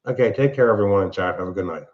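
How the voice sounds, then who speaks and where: A man chatting as a guest on a live stream panel, relaxed and a little hesitant. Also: low voice, rapid-fire, muffled recording. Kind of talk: casual live stream chat.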